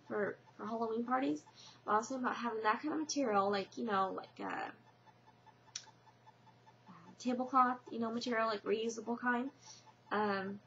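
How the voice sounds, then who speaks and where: Through muffled, lo-fi webcam audio with a faint hiss, a young woman talks loosely to her camera in a rambling vlog full of fillers and restarts. Her voice is mid-range with a fairly bright tone.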